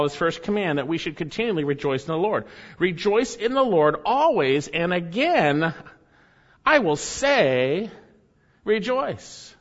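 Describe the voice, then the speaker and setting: Man, pastor, sermon, high voice, emphatic and repetitive, long hall reverb, muffled sound. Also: a bit bright. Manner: emphatic, repeats key phrases, slows to stress words.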